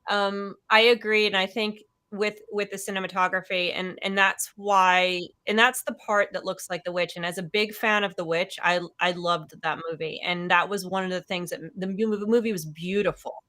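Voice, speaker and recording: Halting woman on a video call. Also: mid-range voice, fairly even intonation, bright, forceful tone. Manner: halting, restarts often, laughs easily. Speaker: panel co-host. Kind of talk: casual film discussion.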